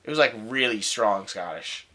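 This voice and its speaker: A man's voice: fairly low pitch, expressive, moderate pace, pushed and bright, slight background noise. A young man co-hosting a casual film review podcast, rambling enthusiastically with lots of "like" and "dude". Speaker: podcast co-host.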